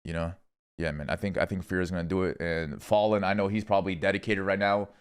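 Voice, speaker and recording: A young man streaming, casually rambling through esports predictions with lots of swearing and thinking out loud. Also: deep voice, level tone, fast talker, clean tone. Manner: rambling, profane, thinking aloud.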